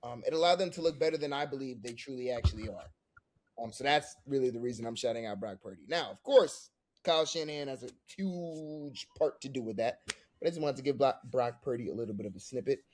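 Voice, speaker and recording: This is a young man with a middle-pitched voice, talking football on a casual podcast. He argues emphatically, and his voice climbs and grows loud when he gets heated. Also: lively intonation, quick pace. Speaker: podcast co-host. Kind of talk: casual sports chat.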